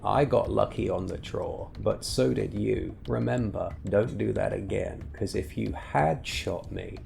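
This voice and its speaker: A man voicing a calm, menacing frontier gunman with a quiet, low drawl. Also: measured pace, gravelly, a little hiss or hum. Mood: wry.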